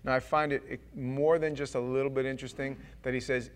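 A man's voice: mid-range voice, fairly quick, few pauses, clear, resonant tone. A man, preaching a sermon and telling stories with acted-out voices. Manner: animated storytelling, acts out voices. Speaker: pastor.

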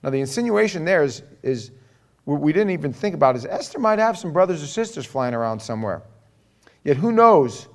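A middle-aged man preaching a sermon, telling a story with lively acted-out dialogue. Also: fairly high pitch, fairly quick. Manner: storytelling, animated, acts out dialogue. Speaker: pastor.

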